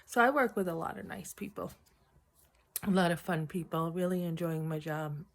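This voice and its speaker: A middle-aged woman talks casually to her camera, retelling a funny workday with lively acted-out quotes. Her voice sits a little low for a woman. She clears her throat often as she chats along. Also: normal speed. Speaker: vlogger. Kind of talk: casual storytelling.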